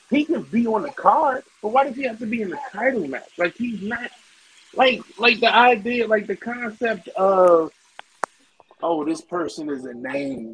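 A man's voice: high voice, a bit bright, a little hiss or hum, poor audio. A man co-hosting a casual wrestling podcast, ranting bluntly with lots of profanity. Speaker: podcast co-host.

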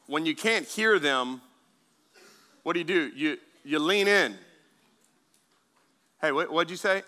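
Bright-voiced male pastor preaching. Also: on the high side. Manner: conversational preaching with asides and repeated words. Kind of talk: sermon.

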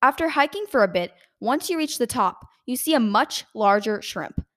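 Lady reading a pick-your-path adventure, slightly high voice, gets loud and punchy in the tense bits. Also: animated, normal speed. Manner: vivid, loud and emphatic in tense parts. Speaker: narrator. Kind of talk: interactive choose-your-path story narration.

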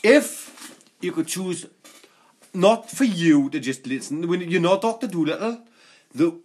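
A man's voice: high-pitched, animated, measured pace, slightly rough. A man hosting a podcast, swearing a lot and laughing through crude banter. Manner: swears often, laughs through his lines. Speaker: podcast host.

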